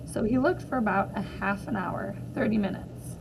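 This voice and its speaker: A woman's voice: medium pitch, moderate pace, creaky, background noise. A woman in her thirties reading a storybook aloud to children and asking them questions along the way. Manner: warm, asks children questions.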